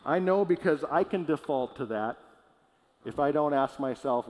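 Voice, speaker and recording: A man preaching a sermon as pastor, earnest and emphatic, slowing down to stress key words and sometimes restarting a phrase. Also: on the high side, lively intonation, a little mellow. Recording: long reverb of a large hall.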